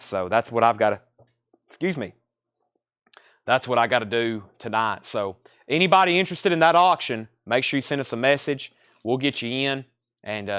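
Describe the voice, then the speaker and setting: A man hosts a live-streamed record sale and reels off albums, conditions and prices in a steady, practiced patter. His voice sits at an ordinary middle pitch and sounds worn out and a little breathless. It is recorded close up and dry, with no room sound. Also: clean tone, dry recording. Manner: rattles off titles, grades and prices in a steady patter. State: tired, out of breath.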